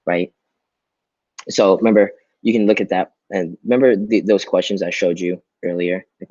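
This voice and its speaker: Low, husky male teacher. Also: darkish tone, no echo, highs cut off. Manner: explains patiently, often checks in with "right?". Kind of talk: recorded online class lesson.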